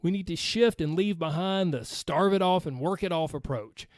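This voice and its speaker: A man with a Southern accent talks through a solo podcast episode as a weight loss coach. His voice sits high for a man, and the sound is dry with no room around it. He is earnest and motivational, and he keeps checking in with a quick "right?". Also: dry recording.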